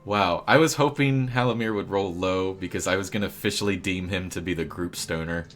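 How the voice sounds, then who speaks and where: A man's voice: low voice, a little fast, a bit bright. A man narrating as game master in a tabletop game, rambling with many fillers and jokey asides.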